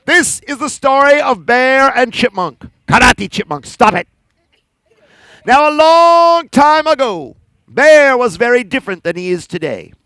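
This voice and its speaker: A man telling a folk tale to children at a live outdoor event, lively and talking straight to his audience. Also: extremely high pitch, a little slow, clean tone, dry recording. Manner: animated, talks straight to the audience. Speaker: storyteller. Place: outdoor park celebration.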